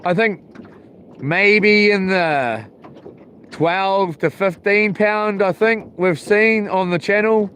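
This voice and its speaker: Laid-back high-voiced New man. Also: takes it slowly, a bit bright, a little hiss or hum. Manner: laid-back, slangy, chuckling at his own jokes. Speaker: fishing vlogger. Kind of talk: casual live-stream chat. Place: outdoors by the water.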